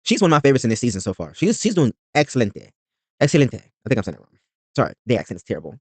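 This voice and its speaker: A man's voice: medium pitch, huge pitch swings, rapid-fire, slightly rough, no room sound. A man hosting a reaction video, recapping a reality show in a rambling, blunt and profane way.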